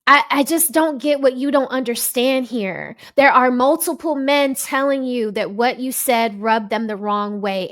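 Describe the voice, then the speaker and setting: A woman giving an exasperated, emphatic commentary, lecturing as she reacts to a panel clip. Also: on the high side. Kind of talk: ranting commentary.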